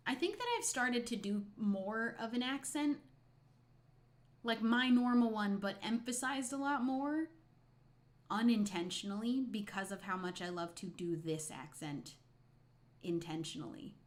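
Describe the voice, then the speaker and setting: A woman's voice: fairly high pitch, a little slow, pauses often. A woman from New Jersey with a slight New York accent, chatting casually on a stream, rambling and laughing often. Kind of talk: casual chat.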